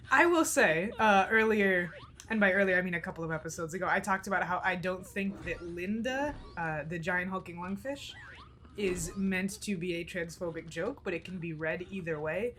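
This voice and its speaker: A woman's voice: lowish voice, normal speed, fairly bright tone. A woman streaming a game, talking casually in a chatty, rambling, candid way, with an occasional swear. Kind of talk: casual let's-play commentary.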